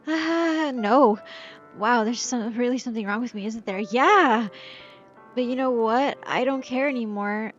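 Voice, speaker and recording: A woman's voice: on the high side, fairly even intonation, fairly quick, few pauses, dull audio, soft background music. A young woman giving playful, incredulous commentary while she plays a game. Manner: reactive, playful, incredulous asides. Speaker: gaming streamer. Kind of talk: let's play commentary.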